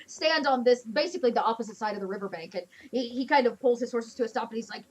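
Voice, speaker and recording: A woman's voice: fairly high pitch, quick pace, few pauses, crowd noise. A woman narrating a tabletop game as game master, chatty and laughing often, with lots of fillers.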